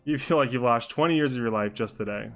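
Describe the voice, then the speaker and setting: Male streamer narrating a story live, mid pitch, wry and self-mocking. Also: quick pace, fairly bright tone, soft background music. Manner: self-mocking, laughs at his own voices. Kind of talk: reading an interactive story aloud on a livestream.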